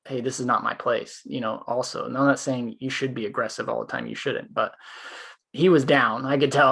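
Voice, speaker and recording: A man's voice: mid-range voice, fairly even intonation, a little fast, gravelly, fairly bright tone, husky. A man co-hosting a podcast, telling a long story in casual conversation, rambling with fillers. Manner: former police officer. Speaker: podcast co-host.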